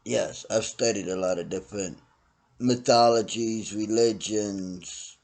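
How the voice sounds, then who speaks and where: A middle-aged man ranting his opinions bluntly and profanely, swinging from loud outbursts to low mutters. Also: fairly even intonation, measured pace, gravelly. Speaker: vlogger ranting to camera.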